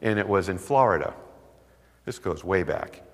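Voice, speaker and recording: A man preaching a sermon, telling stories with lively delivery and acting out the voices of the people in them. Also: sits low, moderate pace. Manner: animated storytelling, acts out voices. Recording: long hall reverb.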